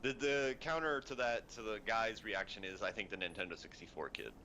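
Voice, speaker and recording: A man co-hosting a casual podcast over an online call, laid-back, quick to laugh, and swearing casually. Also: fairly low pitch, sharp tone, a little hiss or hum. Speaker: podcast co-host. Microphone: online call headset or desk mic.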